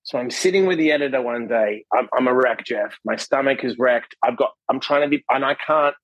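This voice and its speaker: A man guest on a podcast telling a personal story in casual conversation, animated and acting out what people said, often tagging his lines with a question. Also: medium pitch, fairly quick, dry recording, lo-fi sound. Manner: animated, acts out quotes, frequent "right?" tags. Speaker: podcast guest, author and coach.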